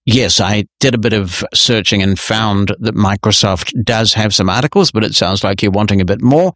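A man's voice: lowish voice, normal speed, fairly bright tone, no room sound, studio quality. A man hosting a technology podcast, answering listener emails in a conversational, explanatory and lightly wry way. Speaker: podcast host.

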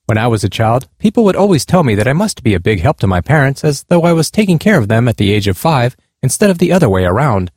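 A man's voice: mid-range voice, a little mellow, no echo, clean studio sound. Earnest man reading a true account. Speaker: narrator. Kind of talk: reading a nonfiction account aloud.

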